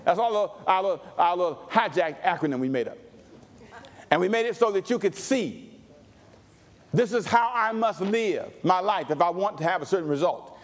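A male pastor preaching a sermon with call-and-response, dropping to low asides and rising to shouts. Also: moderate pace.

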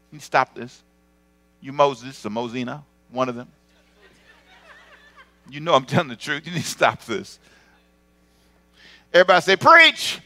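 A male pastor delivering a lively sermon in a mid-range voice. He moves from loud, emphatic calls down to quiet, confiding asides. The sound is close and dry, with a faint hum of mains electricity behind him. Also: mid-range voice, dry recording. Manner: animated preaching, swings from loud exclamation to quiet asides.

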